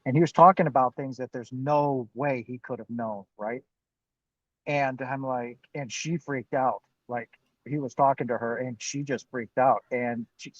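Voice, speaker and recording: A man's voice: mid-range voice, steady tone, unhurried, no echo. Male guest, rambling storyteller, dull dry lo-fi sound in a car. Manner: rambling, full of "you know" and "I'm like". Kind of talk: personal storytelling. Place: inside a parked car.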